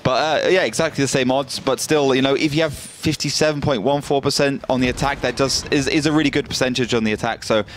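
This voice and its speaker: A man's voice: mid-range voice, fairly even intonation, quick pace, hardly any pauses, faint music behind. A man casting an esports match as an analyst, talking in a chatty way with plenty of fillers and restarts. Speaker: esports caster. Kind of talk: casual play-by-play analysis.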